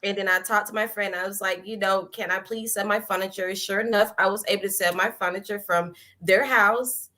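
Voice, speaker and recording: A woman tells her personal story with a bright, forceful tone. She acts out what she said back then and laughs easily along the way. The talk is casual and full of feeling. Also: medium pitch, fairly even intonation, a little fast, hardly any pauses. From American South. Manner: acts out her own past words, laughs often. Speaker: guest giving a testimony.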